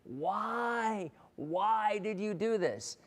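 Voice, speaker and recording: The frog is a small, doomed, trusting storybook creature, as a man puts him on, pitched well above a normal speaking voice and asking plaintive questions. A long hall reverb trails after every line. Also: lively intonation, very slow, full character voice. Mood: pleading.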